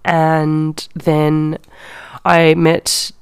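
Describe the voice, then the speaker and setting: A woman's voice: low-pitched, monotone, very slow, clean tone, no echo, studio quality. A young woman, hosting a podcast and telling a casual story in a chatty way, often saying "like". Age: young adult. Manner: chatty, heavy use of "like". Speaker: podcast host.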